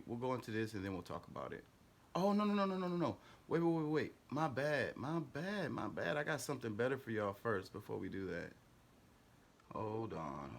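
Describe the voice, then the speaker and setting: A man's voice: fairly low pitch, slight background noise. A man hosting a casual reaction commentary, talking in an emphatic, repetitive, slang-heavy way. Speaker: commentary host.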